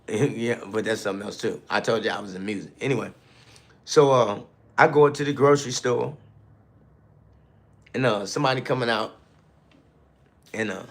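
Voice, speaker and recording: A man telling a personal story on a live stream, calling out to his viewers and repeating lines to drive them home. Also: fairly low pitch. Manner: repetitive, building emphasis. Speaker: landscaping business owner.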